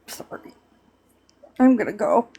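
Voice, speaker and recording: A middle-aged woman from Pennsylvania, a live stream host, talking in a rambling, halting way and close to tears. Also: mellow. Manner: rambling, halting, tearful, many restarts. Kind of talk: emotional casual chat.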